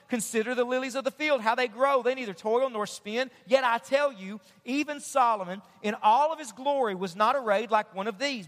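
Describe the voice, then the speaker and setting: A man preaching a sermon as pastor, energetic and calling on the congregation to answer him. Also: very high-pitched. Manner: energetic preaching, calls for audience response. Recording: long hall reverb.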